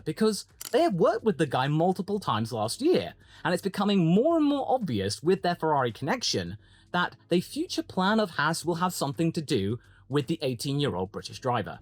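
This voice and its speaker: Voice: mid-range voice, dry recording. A motorsport commentator delivering a chatty opinion monologue, often breaking into dramatic quoted asides.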